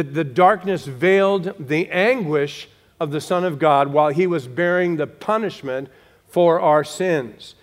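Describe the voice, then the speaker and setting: A man preaching a sermon with a fairly high voice. He speaks straight to his congregation, slowing down to stress a point and dropping softly on key words. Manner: slows for emphasis, drops to a hush on key words; direct, talks to the congregation. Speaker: pastor.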